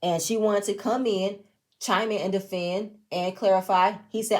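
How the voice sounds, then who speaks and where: A woman's voice: mid-range voice, fairly even intonation, normal speed. A woman giving casual review commentary on a reality show, blunt, opinionated and often profane. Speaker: reality TV recapper.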